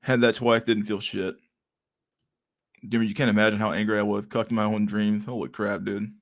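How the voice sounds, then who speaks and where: This livestream host has a lowish voice and speaks at a normal speed with a flat delivery. His casual chat with live viewers wanders and is full of profanity, punctuated by frequent laughs of pretend indignation.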